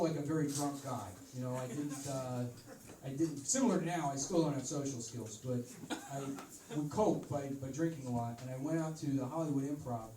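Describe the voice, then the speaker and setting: A man in his thirties doing a stand-up comedy set in a rambling deadpan, now and then breaking into loud shouts. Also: mid-range voice, noisy background. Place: comedy club stage with a live audience. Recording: roomy, distant audience recording with laughter.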